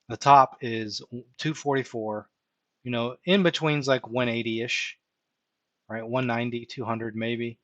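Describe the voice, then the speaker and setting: A man of ordinary pitch hosts a live stream, working through his ideas aloud and checking in with his listeners with "right?". The sound is dry and close, with no room around it. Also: dry recording, muffled recording. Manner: thinks aloud, tags points with "right?". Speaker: live-stream host teaching stock options. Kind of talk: unscripted live-stream walkthrough.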